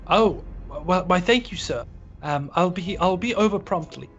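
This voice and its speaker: A man's voice: sits high, animated, normal speed, fairly bright tone, dull audio, soft background music, pitched above the performer's own voice. A man voicing a flustered, eager female tavern barkeeper who stammers politely.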